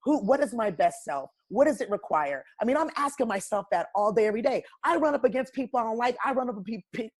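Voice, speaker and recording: A woman's voice: on the high side, animated, quick pace, hardly any pauses. Emphatic, blunt woman coaching guest. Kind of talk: casual podcast conversation.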